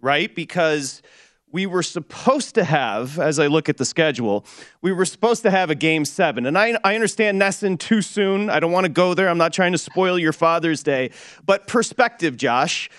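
Dry, wry sports radio host. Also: male voice, on the high side, moderate pace, a bit bright, no room sound. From Detroit. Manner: wry, teasing, mock-solemn. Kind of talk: sports betting radio chat.

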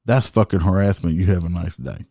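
Man voicing a dry, no-nonsense motorcycle cop, low and level. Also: lively intonation, brisk, dark tone, no echo. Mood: dryly sarcastic. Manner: curt, dry, matter-of-fact. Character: firm, calm male motorcycle cop.

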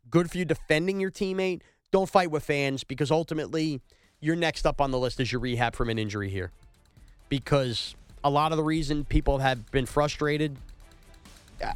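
A man's voice: on the high side, clear, resonant tone, dry recording. A man hosting a solo sports podcast, venting his frustration in an emphatic, repetitive rant.

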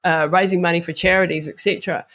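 Middle-aged woman with a New Zealand accent, interview guest, frank and animated storyteller. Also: lowish voice, fast. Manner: animated, acts out inner voices, frank and earthy. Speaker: guest, ultra endurance athlete.

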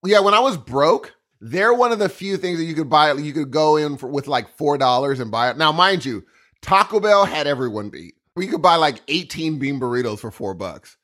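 A man with a slightly high voice speaks at a moderate pace as he co-hosts a podcast. He chats casually, tells stories like an animated storyteller, and keeps jumping into silly voices.

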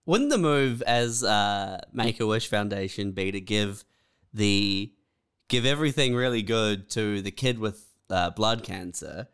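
A man's voice: lowish voice, measured pace, fairly bright tone, clear, resonant tone. A man co-hosting a podcast, laid-back and dry in casual comedic banter. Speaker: podcast co-host.

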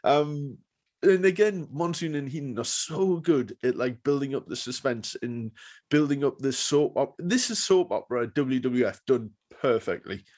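A man's voice: mid-range voice, lively intonation, moderate pace, darkish tone. A man co-hosting a podcast, chatting enthusiastically with lots of fillers. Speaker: podcast co-host. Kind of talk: casual chat.

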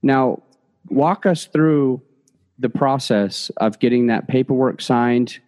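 A man's voice: medium pitch, takes it slowly, darkish tone. A man hosting an interview, giving short reactions and asking the guest to walk through a deal step by step. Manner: short affirming reactions, plain questions. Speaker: interview host. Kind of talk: interview questions.

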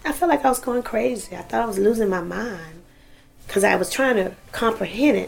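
A middle-aged woman recalling grief in an interview, halting and repeating words. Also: medium pitch, animated, creaky, faint music behind. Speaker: interviewee, victim's mother. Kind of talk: recounting interview.

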